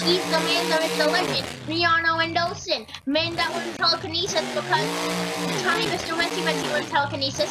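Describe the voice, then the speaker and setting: A woman YouTuber giving rambling, excitable, jokey commentary over gameplay. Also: very high-pitched, heavy background noise. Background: loud music.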